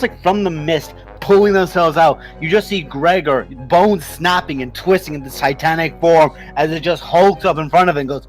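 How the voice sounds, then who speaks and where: A man with a high, bouncy voice narrates a tabletop game as its game master. He laughs readily and sweeps up and down in pitch as he describes the fight, with faint music playing underneath. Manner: animated, laughing often, puts on quick creature voices.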